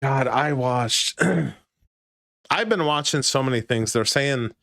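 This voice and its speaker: A man's voice: mid-range voice, takes it slowly, a bit bright, no room sound, studio quality. A man in his thirties hosting a casual livestream chat, rambling and swearing often as he reads and answers chat. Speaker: livestream host.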